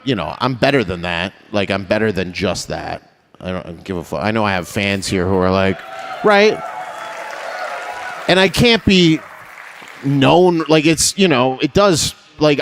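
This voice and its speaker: A man's voice: medium pitch, fairly bright tone, slight background noise. A young man doing stand-up on a live stage, brash and profane, chatting with the crowd and laughing at his own jokes. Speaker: stand-up comedian.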